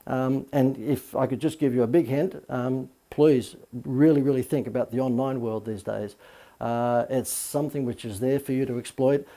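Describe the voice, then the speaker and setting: A man's voice: medium pitch, steady tone, normal speed, warm tone. A man teaching a business marketing lesson as a coach, talking in a chatty, informal way with many fillers and asides.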